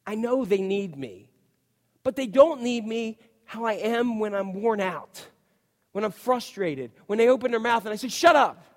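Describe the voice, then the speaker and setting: A man preaching a chatty, animated sermon as a pastor, full of asides and "you know". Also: sits high, normal speed. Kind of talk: conversational sermon. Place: church. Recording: long reverb of a church hall.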